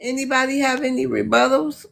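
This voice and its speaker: A woman's voice: high voice, steady tone, a little fast, vocal fry, a bit bright, a little hiss or hum. Casual woman hosting a live debate. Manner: casual, moderating, thanking gifters. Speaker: host.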